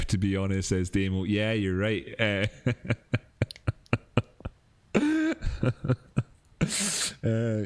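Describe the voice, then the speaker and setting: A male livestream host with a fairly low voice rambles casually through his thoughts. He laughs often and keeps the chat loose and unscripted. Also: a little mellow. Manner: rambling, laughs often, many fillers and restarts.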